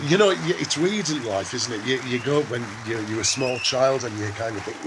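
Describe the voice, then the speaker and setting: A man's voice: mid-range voice, fairly quick, noisy background. A middle-aged man speaking heartfelt in an interview, searching for words. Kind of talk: emotional interview.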